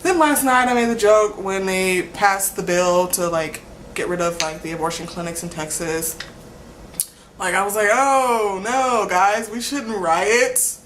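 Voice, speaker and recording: A woman's voice: on the low side, moderate pace, fairly bright tone, slight background noise. A young woman rambling casually in a vlog, filling nearly every phrase with "like" and laughing between sentences. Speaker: vlogger.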